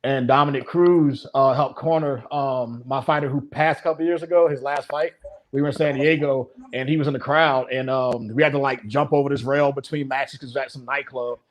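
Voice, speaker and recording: A man's voice: mid-range voice, steady tone, fairly quick. A man who coaches fighters, telling stories in casual podcast chat and rambling with lots of fillers. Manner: rambling storyteller with many fillers. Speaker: martial arts coach.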